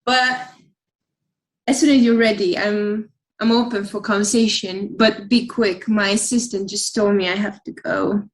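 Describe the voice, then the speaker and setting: A woman's voice: mid-range voice, fairly even intonation, a little slow, echoey room, close to an everyday voice, poor audio. A woman playing a tired, self-important male fashion designer diva with an affected drawl. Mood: languid. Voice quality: affected fake upper-class accent, drawling.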